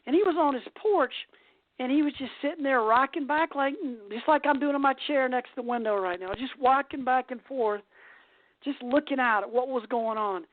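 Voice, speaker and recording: A woman's voice: sits high, moderate pace. A woman host telling a long story in a chatty, casual way. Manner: chatty, with restarts. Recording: tinny phone-like dry line.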